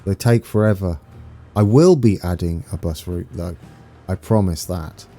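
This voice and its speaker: East Anglian man, young adult, casual stream chat, self-mocking, low-pitched, dark mellow tone, faint music behind. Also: unhurried. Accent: East Anglian English. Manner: chatty, self-mocking, laughs often, reads out viewer names. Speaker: game streamer. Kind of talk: casual live-stream chat while playing.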